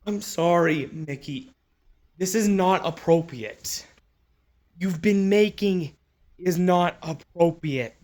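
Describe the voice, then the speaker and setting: Angry male commentator, profane and mocking, voice on the higher side. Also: takes it slowly, a little mellow. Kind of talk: ranting commentary. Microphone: phone.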